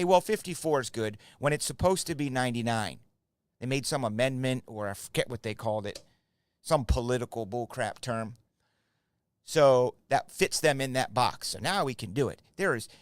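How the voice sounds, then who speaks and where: A man's voice: medium pitch, a bit bright, smooth, no echo. A middle-aged man hosting a live card break from his shop, chatting casually and rambling to viewers by name. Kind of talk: casual live stream chat.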